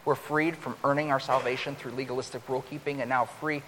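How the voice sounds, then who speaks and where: A man's voice: steady tone, quick pace. Man preaching in a reverberant hall. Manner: rises loud and high when acting out the older son's complaint. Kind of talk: sermon. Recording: long hall reverb with faint hiss.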